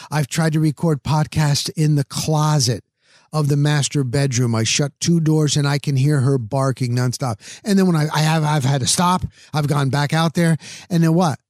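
A man's voice: mid-range voice, dry recording, studio quality. A man hosting a podcast, telling a rambling, exasperated story on his back patio. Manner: rambling, exasperated, animated retelling. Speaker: podcast host. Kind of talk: casual storytelling monologue. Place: home back patio, outdoors.

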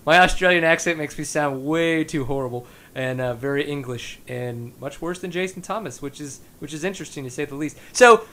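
A man's voice: a little high, pushed and bright. A man hosting a casual podcast interview, joking and enthusiastic. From United States. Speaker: podcast host.

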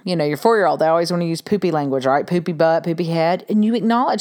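A woman in her thirties hosting a parenting talk, casual and animated, often acting out what a parent or child might say. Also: lowish voice, fast, few pauses. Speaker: parenting podcast host.

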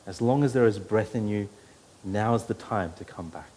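A man's voice: fairly low pitch, moderate pace, a little mellow, slight background noise. A pastor preaching an earnest sermon to his church, his voice rising when he quotes scripture.

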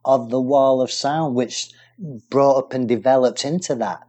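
Male co-host, from England, rambling and enthusiastic, mid-pitched easygoing chat. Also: steady tone, a little slow, darkish tone. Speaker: radio show co-host. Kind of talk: casual music chat.

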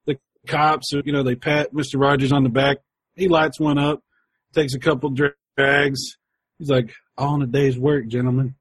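A man's voice: on the high side, flat delivery, moderate pace, a bit bright, breathy edge, no echo. A man in casual chat, telling a rambling, crude comic story.

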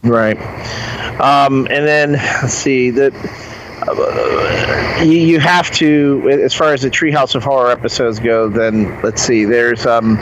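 A man's voice: medium pitch, takes it slowly. Guy rambling wryly in casual chat, faint hum in the background.

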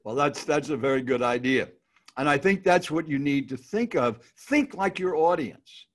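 A man's voice: a little high, expressive, normal speed. A man giving casual, upbeat speaking advice on a video call, repeating his key points as he teaches. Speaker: speaking coach guest.

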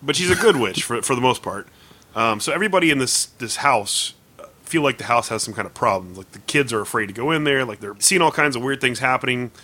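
A man's voice: mid-range voice, lively intonation, fast talker, sharp tone. A man hosting a casual comics podcast, recapping stories at length in an upbeat way. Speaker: podcast host.

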